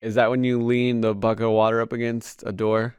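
A man hosting a casual chat, relaxed and easygoing, reading out questions from listeners. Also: mid-range voice, fairly quick, clean tone, no echo. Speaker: podcast host reading audience questions.

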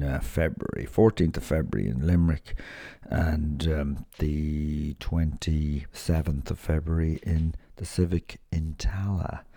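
A man's voice: a bass voice, mellow, dry recording, clean studio sound. A man with a Dublin Irish accent hosting a podcast, chatting casually in a rambling way, full of slang and fillers. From Ireland. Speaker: podcast host and comedian.

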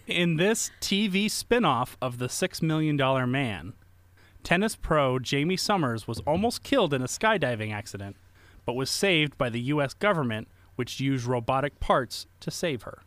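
A man hosting a casual quiz game, halting and restarting his sentences. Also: mid-range voice, animated, a bit bright, dry recording. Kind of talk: casual game show chat.

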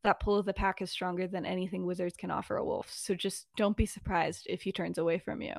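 A woman's voice: lowish voice, fairly even intonation, fast, vocal fry, no room sound, studio quality. A woman voicing a young male wizard who is defiant but scared, speaking in a hesitant, guarded way. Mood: warning.

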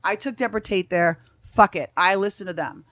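A middle-aged woman speaking in a blunt, swearing, animated storyteller's way. Her voice sits mid-range, and the recording is close and dry, with no room sound around her. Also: mid-range voice, brisk, no room sound. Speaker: guest. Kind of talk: casual podcast chat.

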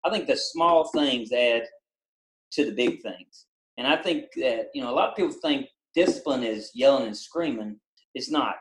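A plain-spoken, middle-aged man with a country-tinged voice explains his methods at an ordinary, mid-range pitch. The recording is roomy, with a noticeable echo around him. He talks at a steady, matter-of-fact pace as a podcast guest. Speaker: guest basketball coach. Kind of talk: casual podcast interview. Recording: roomy echoey sound.

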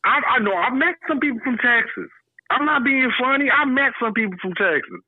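A man co-hosting a podcast in casual chat, animated and exclaiming, swearing casually and laughing often. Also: extremely high pitch, fairly quick, slightly rough, no room sound. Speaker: podcast co-host. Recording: dry, phone-like thin sound.

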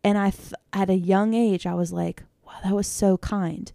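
Woman, podcast co-host, vocal fry, warm dark tone, dry close mic. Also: mid-range voice, steady tone, normal speed, no room sound. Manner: chatty, reflective, many fillers. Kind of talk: casual chat.

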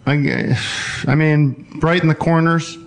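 A man hosts a casual call-in show. He rambles in loose, halting phrases, circling back and restarting his thoughts. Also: on the high side, vocal fry. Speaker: podcast host taking calls.

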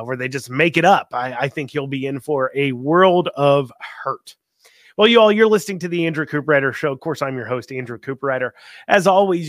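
A man's voice: on the high side, dry recording, clean studio sound. Folksy man hosting talk radio. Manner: rambling, folksy, many ums and restarts. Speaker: radio talk show host. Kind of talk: casual political talk radio.

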